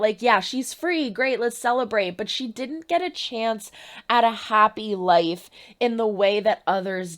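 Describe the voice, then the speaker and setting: A woman talks straight to her viewers, recapping a drama episode in a loose, conversational way. She trips over her words, restarts her sentences, and lets her voice leap upward when something excites her. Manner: chatty, restarts often, stresses words with rising pitch. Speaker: reaction video host. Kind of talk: casual spoken recap of a TV episode.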